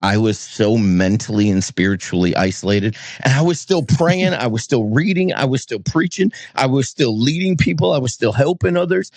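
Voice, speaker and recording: A middle-aged man from New England, a pastor and podcast co-host, telling a candid personal story and swinging between low somber tones and high exasperated bursts. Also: normal speed, few pauses, darkish tone, dry recording.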